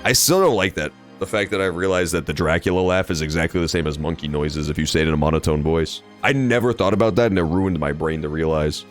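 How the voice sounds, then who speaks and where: A man's voice: low voice, quick pace, few pauses, faint music behind. A man streaming a game, joking, rambling and swearing casually as he plays. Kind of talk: casual gameplay commentary.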